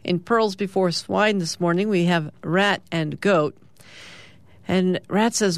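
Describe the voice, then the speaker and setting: A woman hosting morning radio, reading the comics aloud in a relaxed, chatty way with fillers. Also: lowish voice, takes it slowly, dry recording. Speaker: radio host.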